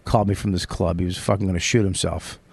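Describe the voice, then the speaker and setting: A man hosting a casual podcast, telling a story with heavy swearing and lively retellings. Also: low voice, fast, creaky. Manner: profane, rambling, animated when retelling. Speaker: podcast host.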